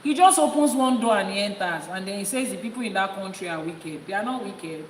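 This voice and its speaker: A woman's voice: medium pitch, lively intonation, fairly quick, distant mic. A woman with a Nigerian accent giving an emphatic spiritual teaching as an Ifa priestess, repeating key points for stress. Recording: echoey hall with background noise.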